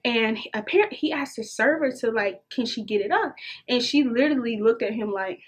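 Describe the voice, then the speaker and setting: A young adult woman vlogger telling a casual storytime, animated and swearing freely as she acts out the dialogue. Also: a little high, fairly quick, husky.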